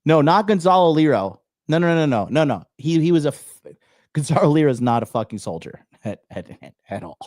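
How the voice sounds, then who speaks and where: A man's voice: on the high side, big pitch swings, fairly quick, darkish tone, dry recording. Young male host, brash and foul-mouthed, dry close sound, reacting live to a clip. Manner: blunt and profane, loose and swaggering. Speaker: dating coach hosting a call-in show.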